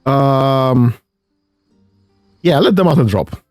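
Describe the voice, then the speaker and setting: Casting: a male game streamer, casual, hesitant, with a very lively pitch. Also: slow, no room sound, studio quality, faint music behind. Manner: thinking aloud, hesitant, full of ums. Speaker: gaming streamer. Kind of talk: casual let's-play commentary.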